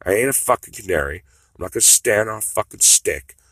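Low husky man ranting in a dry room. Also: lively intonation, fairly quick, a bit bright, no echo. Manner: rambling, profane, swings between mutters and outbursts. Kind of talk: rambling monologue.

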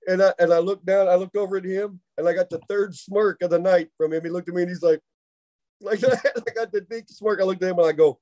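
A man, co-hosting a podcast and telling a long funny story in a casual, animated way, often laughing. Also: high-pitched, fast talker. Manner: animated storyteller who laughs through his own tale. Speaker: podcast co-host.

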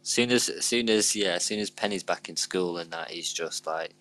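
Give me a low-pitched man with a bright tone, cracking crude jokes casually on a podcast. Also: moderate pace. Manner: crude joking, laid-back. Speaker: podcast co-host. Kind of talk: casual chat.

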